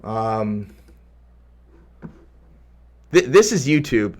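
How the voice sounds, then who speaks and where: A man's voice: medium pitch, sing-song, extremely slow, a little mellow. A young man hosting a livestream, reading viewer comments aloud in a heated, rambling rant full of restarts. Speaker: YouTuber reading chat.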